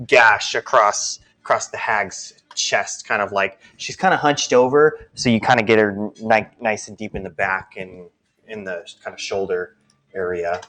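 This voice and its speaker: Male game master, low-pitched, narrates loosely with fillers. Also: fairly even intonation, a little slow, sharp tone. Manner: loose, hesitant descriptions with fillers.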